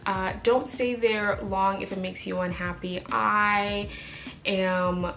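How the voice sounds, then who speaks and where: A woman's voice: mid-range voice, fairly bright tone. A young woman vlogger giving casual, blunt life advice in an emphatic, sassy way, often ending points with "okay?".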